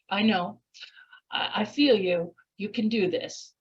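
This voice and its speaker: A woman's voice: medium pitch, animated, slow pace, a bit bright, highs cut off. A vivacious woman presenting a speech contest workshop, acting out little voices and laughs as she explains. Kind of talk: online workshop talk.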